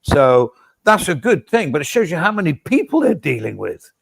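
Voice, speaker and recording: A man's voice: fairly high pitch, sing-song, normal speed, vocal fry, husky. A man co-hosting a podcast, talking in a rambling, chatty way with casual swearing. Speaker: podcast co-host. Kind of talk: casual chat.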